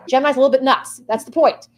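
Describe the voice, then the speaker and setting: A woman's voice: high-pitched, steady tone, fairly quick. A woman guest delivering a playful, rambling comic monologue in character, with sing-song asides.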